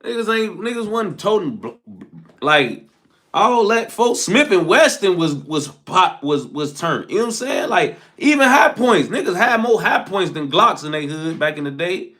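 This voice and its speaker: Animated young man telling a story. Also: high-pitched, normal speed. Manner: animated slang-heavy recounting, frequent "folks" tags. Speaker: storyteller host. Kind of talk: casual street storytelling.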